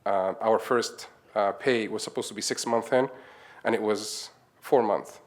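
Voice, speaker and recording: A man's voice: fairly low pitch, steady tone, unhurried. A man from Egypt, giving a conference talk and telling stories in a chatty way. He chuckles often and acts out the dialogue he quotes. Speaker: conference speaker, nonprofit founder. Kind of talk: conference talk, anecdotal storytelling.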